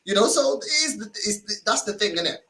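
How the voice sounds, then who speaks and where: Bright-voiced young man, slangy. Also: high voice, animated, a little fast, low-quality recording. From England. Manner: chatty storyteller, slangy, ends lines with "innit". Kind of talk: casual chat.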